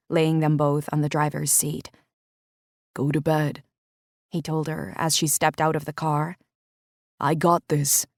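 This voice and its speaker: A woman narrating a romance audiobook in a measured, intimate storytelling manner. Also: deep voice, no echo, clean studio sound.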